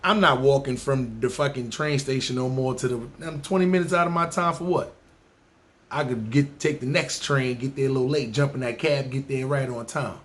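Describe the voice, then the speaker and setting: A man from New telling a story on his podcast, lively and full of slang and profanity. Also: mid-range voice, moderate pace. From New York. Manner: animated, profane, slangy, talks to listeners. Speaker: podcast host. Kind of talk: storytelling monologue.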